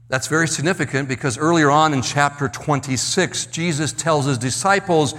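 A man preaching a verse-by-verse sermon, slowing down and dropping his voice low to stress key words, often repeating himself. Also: fairly bright tone. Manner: slows and drops low for emphasis, repeats words. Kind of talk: expository sermon.

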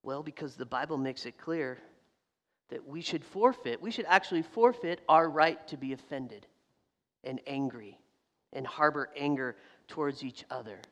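A man preaching a sermon as a pastor, telling a story in a lively way and acting out the voices of people in it. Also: on the high side, moderate pace. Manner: animated storytelling, acts out quoted voices, laughs. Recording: long hall reverb.

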